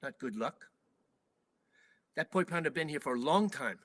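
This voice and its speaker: A man's voice: on the high side, lively intonation, quick pace, fairly bright tone. A man doing a stern Hawaiian Pidgin bus driver. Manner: scolding, blunt, firm. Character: stern local male bus driver, scolding.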